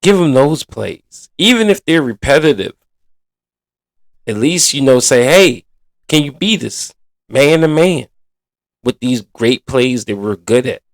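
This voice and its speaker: A man's voice: mid-range voice, expressive, unhurried, long pauses, dry recording. A man hosting a sports podcast in a casual, blunt and exasperated manner, full of colloquial slang. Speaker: podcast host.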